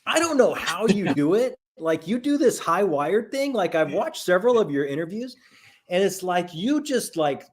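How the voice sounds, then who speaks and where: A man chatting as a guest on a book live stream, enthusiastic and halting, with many restarts. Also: high voice, big pitch swings. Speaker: guest, fellow book reviewer. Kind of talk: casual live-stream chat.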